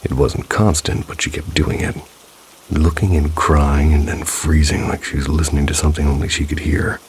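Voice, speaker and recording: A man's voice: a bass voice, level tone, normal speed, a little mellow, a little hiss or hum. A man narrating first-person paranormal stories in a scripted way, dropping dry, wry asides. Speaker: storyteller reading viewer stories.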